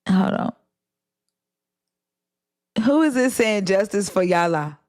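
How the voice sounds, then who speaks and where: A woman's voice: medium pitch, expressive, slow, darkish tone. A woman hosting a casual livestream chat, blunt and exasperated, swearing freely and drawling slang. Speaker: livestream host.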